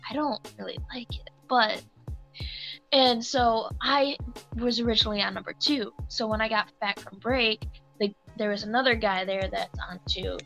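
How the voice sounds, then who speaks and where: A woman's voice: fairly high pitch, fairly bright tone. A young woman who works as a cashier, telling a story in casual chat, acting out customers and laughing along.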